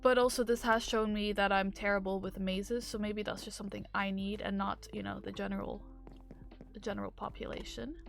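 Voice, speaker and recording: A woman's voice: mid-range voice, level tone, a little fast, gravelly, faint music behind. A woman giving chatty, upbeat commentary on her gameplay as a gaming video host, with rambling asides. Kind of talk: casual game commentary.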